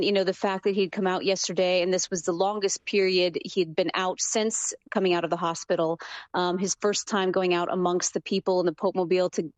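A woman's voice: mid-range voice, dry recording. A woman Vatican correspondent speaking live from Rome in a news interview, filling her sentences with "um" and "you know". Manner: frequent fillers, many "you know"s. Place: remote line from Rome.

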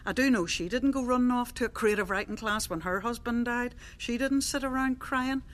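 A woman narrating a scripted dramatic monologue in a confiding, lively storyteller manner. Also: a little high, fairly quick.

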